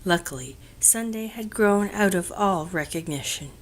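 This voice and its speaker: A woman narrating an audiobook of a classic novel in a gentle, measured storytelling voice that often drops to a hush. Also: mid-range voice, lively intonation, a little hiss or hum.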